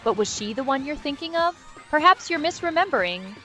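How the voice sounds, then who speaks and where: A synthetic woman's voice bantering as an AI companion. She is sarcastic and witty, with high, lively intonation, and faint music sits behind her. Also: a little fast. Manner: sarcastic, witty, mock-exasperated.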